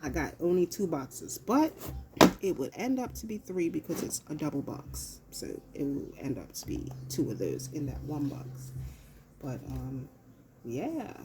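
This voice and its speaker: A woman's voice: sits low, very animated, slow, pauses often, very noisy. A woman giving a casual, profane tarot reading, talking loosely to herself as she pulls cards. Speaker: tarot reader.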